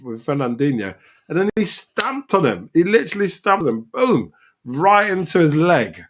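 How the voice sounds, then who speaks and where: A man's voice: fairly high pitch, unhurried. A man hosting a live football reaction, talking over the match and calling out the players. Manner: excitable, shouts at players on screen.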